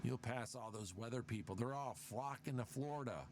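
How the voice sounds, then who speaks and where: A man's voice: mid-range voice, fairly quick, background noise. A man hosting a podcast, delivering a casual, sarcastic, exasperated rant. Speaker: podcast host. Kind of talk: casual ranting monologue.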